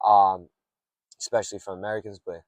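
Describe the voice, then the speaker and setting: A man's voice: lowish voice, little pitch movement, brisk, no room sound. A young man rambling late at night from a parked car in a garage, swearing often and drifting off topic. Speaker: streamer rambling to camera.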